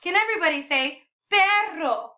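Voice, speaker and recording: A woman teaching a video lesson, saying words slowly and with exaggerated, sing-song emphasis for her class to repeat, and praising often. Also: extremely high pitch, lively intonation, pushed and bright. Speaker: Spanish teacher.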